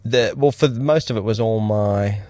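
A man with a fairly low voice, recorded dry and close to the mic. He talks casually about shoots, rambling and swearing a little, and bursts into lively acted-out quotes. Relaxed podcast chat between friends. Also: normal speed, dry recording. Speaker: podcast co-host, cinematographer.

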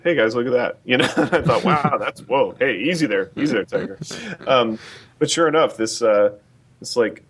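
Low-voiced man telling rambling stories. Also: a bit bright. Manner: rambling anecdotal storytelling with many restarts. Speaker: guest. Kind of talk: casual podcast interview.

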